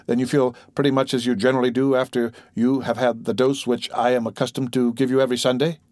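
A man's voice: mid-range voice, level tone, fast talker, a little mellow, no room sound, studio quality, lightly acted. A man voicing a grave male doctor who asks curt, commanding questions. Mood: urgent.

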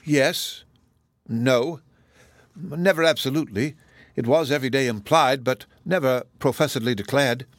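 A man's voice: medium pitch, unhurried, dry recording, close to an everyday voice. Man reading as a grief-stricken young woman, anguished, pleading, audiobook voice, dry close sound. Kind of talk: audiobook character voice.

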